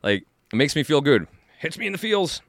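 A man's voice: a little high, very animated, a little fast, gravelly, fairly bright tone, no echo. A man co-hosting a podcast in a studio, chatting casually and enthusiastically, rambling with lots of fillers and restarts. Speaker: podcast co-host. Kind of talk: casual chat.

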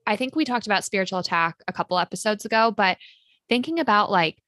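A woman's voice: mid-range voice, expressive, fast, a bit bright, no echo. Woman, podcast host, casual chat, lots of "like", dry recording. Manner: chatty, practical, frequent "like" fillers.

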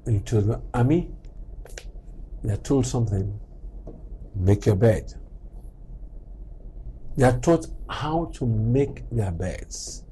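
A man's voice: mid-range voice, a little slow, slight background noise, rough recording. A middle-aged man giving a motivational talk on character, telling stories and acting out little exchanges as he goes. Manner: animated, acts out little dialogues. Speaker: speaker on character.

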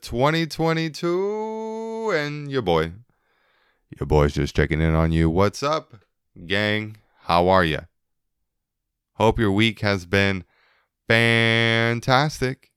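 A man's voice: fairly low pitch, fairly bright tone, clear, resonant tone, no room sound, studio quality. A young man hosting his own podcast in a loose, joking solo chat, swearing and laughing as he goes. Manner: laid-back, joking, swearing, laughing often. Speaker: podcast host.

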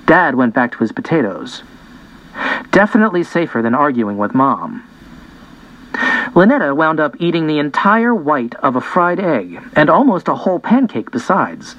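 A man reading a story aloud in an expressive first-person narration. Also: a little high, normal speed, dull audio. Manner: lively, expressive reading with voiced dialogue. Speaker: audiobook narrator.

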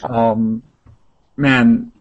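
A man's voice: medium pitch, level tone, drawn-out words, dull audio, crowd noise. A man guest-hosting a casual podcast, groggy and short on sleep after drinking, making dry, wry jokes. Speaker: guest host.

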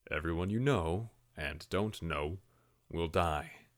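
Man reading as a cold warrior captain, very deep voice, mocking, menacing. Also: takes it slowly. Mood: cold menace.

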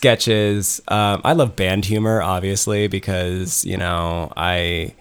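A man's voice: low voice, fairly even intonation, takes it slowly, smooth. A man co-hosting a podcast in casual chat, rambling with lots of ums and restarts. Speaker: podcast co-host.

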